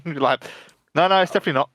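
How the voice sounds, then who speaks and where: A man's voice: on the high side, fairly quick, fairly bright tone, no room sound, clean studio sound. A man co-hosting a podcast in casual chat, cheeky and laughing, swearing casually. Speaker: podcast co-host.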